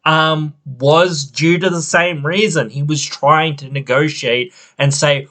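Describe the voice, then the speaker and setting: A man's voice: on the high side, fairly even intonation, takes it slowly, few pauses, fairly bright tone. A man hosting a wrestling podcast, venting in a rambling, frustrated way. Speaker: podcast host. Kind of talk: casual opinion podcast.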